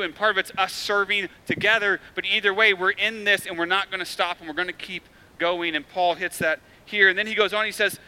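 A man's voice: high-pitched, pushed and bright, smooth. A male pastor preaching a sermon in a casual, conversational way, with emphatic, repetitive build-ups and frequent tag questions. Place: church.

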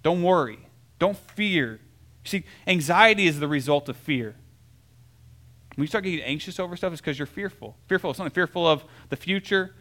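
A young adult man gives a casual sermon in an easy, conversational way. His voice sits a little high, and he keeps checking in with the listeners. When he tells a story he gets animated, dropping soft and then rising loud. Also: normal speed. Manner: conversational, lots of filler "like" and "right?". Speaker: pastor.

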